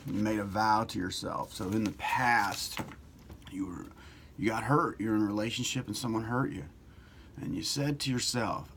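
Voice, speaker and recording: A middle-aged man with a fairly low voice talks through a self-help lesson in a loose, chatty way. He swears casually and acts out people's inner voices. A faint ambient hum sits behind him. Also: steady tone, moderate pace. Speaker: self-help author and video host. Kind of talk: casual motivational talk to camera.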